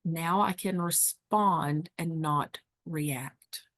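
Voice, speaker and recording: A woman leads a webinar lesson for caregivers in a fairly low voice. She teaches emphatically and drives points home by repeating them. The sound is close and dry. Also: extremely slow, a bit bright, dry recording. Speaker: dementia care educator. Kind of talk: webinar presentation.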